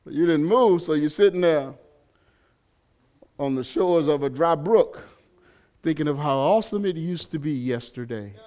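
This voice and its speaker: A man preaching a sermon as pastor in a church. He delivers it with animated shouting, humor and call-and-response questions to the congregation. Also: a little high, normal speed, pauses often.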